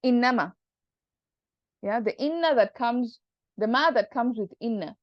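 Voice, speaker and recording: A woman's voice: a little high, expressive, unhurried, no room sound. Woman patiently teaching grammar, dull dry audio. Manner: patient, explains step by step with examples. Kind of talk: online class explanation.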